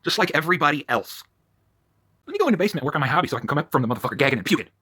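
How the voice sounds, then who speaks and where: Fast, furious profane man ranting. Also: a little high, sing-song, slightly rough. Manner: profane, agitated, swings between shouting and muttering. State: worked up. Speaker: vlogger. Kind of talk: angry ranting vlog.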